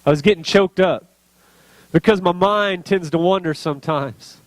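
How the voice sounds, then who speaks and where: A male pastor delivering a heartfelt sermon, his voice sitting notably high for a man. He speaks earnestly and presses harder as his feeling grows. The sound is dry and close, with no room around it. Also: normal speed, no room sound. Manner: earnest, rising to emotional intensity.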